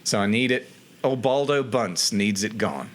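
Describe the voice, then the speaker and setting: A man's voice: lowish voice, a little slow, close to an everyday voice. Man playing a folksy old hobbit farmer.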